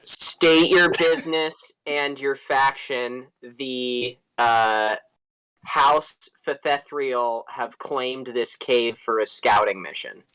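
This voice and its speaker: A stern adventurer woman posing as a dark elf scout, as a woman player puts her on. She drags each word out slowly and stiffly, as if reading a decree, in a tabletop game. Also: very deep voice, smooth, heavily acted, poor audio. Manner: slow, stiff, commanding.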